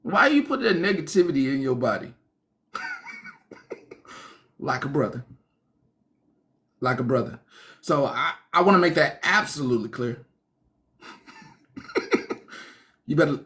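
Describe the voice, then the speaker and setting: A man preaching casually on a livestream, animated and laughing often, acting out other people's thoughts in whispers. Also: a little high. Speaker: online pastor.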